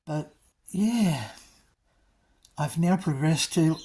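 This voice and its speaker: Husky older man rambling wryly. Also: medium pitch, animated, measured pace, darkish tone. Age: 60s. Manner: chatty, self-mocking, wry asides to viewers. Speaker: vlogger. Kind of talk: casual rambling storytelling.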